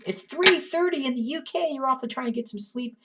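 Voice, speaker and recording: A woman's voice: high voice, fairly quick, bright, forceful tone, recorded from a distance. Chatty woman stitching, a bit off-mic. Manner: chatty, talks to herself and chat while working. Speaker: cross-stitch streamer. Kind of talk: casual live-stream chat while stitching.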